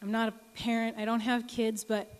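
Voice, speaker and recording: A young woman in her early twenties giving an earnest sermon and testimony, speaking slowly with many ums. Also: a little high, little pitch movement. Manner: earnest, many ums, rises to emotional pleading. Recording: long reverb of a large hall.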